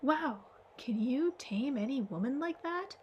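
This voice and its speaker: A woman's voice: high-pitched, lively intonation, measured pace, highs cut off, a little hiss or hum. A woman reading the part of a curious, skeptical grown man in an audiobook, asking eager questions.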